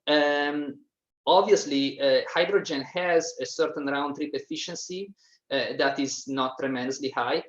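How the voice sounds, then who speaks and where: A man's voice: a little high, measured pace. A male panelist giving a thoughtful, hesitant technical answer at a workshop. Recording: roomy, dull lo-fi recording.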